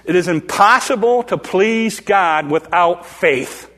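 Older man preaching, slightly high voice, long church reverb, dramatic delivery. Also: animated, slow, fairly bright tone. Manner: dramatic, acts out the crowd and beggar in rising calls. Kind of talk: sermon.

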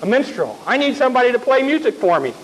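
Preacher doing casual prophet, unhurried drawl, high-pitched man, sermon retelling. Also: big pitch swings, low-quality recording. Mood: offhand. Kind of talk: sermon storytelling.

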